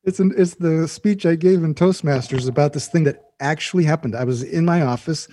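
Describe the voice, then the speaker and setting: A male guest telling stories in a casual chat, lively and acting out the voice in his head. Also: on the high side, brisk. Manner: animated storyteller, acts out an inner voice. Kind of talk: casual storytelling.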